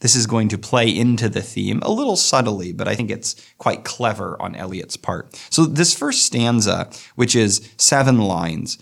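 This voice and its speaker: Guy lecturing on poetry, kinda low and gravelly, reflective. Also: big pitch swings, fairly bright tone. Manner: thoughtful, reflective, reads verse aloud slowly. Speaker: literature lecturer. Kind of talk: poetry lecture with read-aloud quotes.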